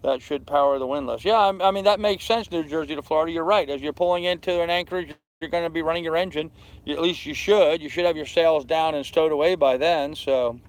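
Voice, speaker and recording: A man's voice: a little high, fast talker. Tired, easygoing man in his fifties. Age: 50s. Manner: rambling, easygoing, answers viewers' comments. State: tired, yawning. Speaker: sailing vlogger reading live chat. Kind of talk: casual live-stream chat. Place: on a sailboat at anchor in the evening.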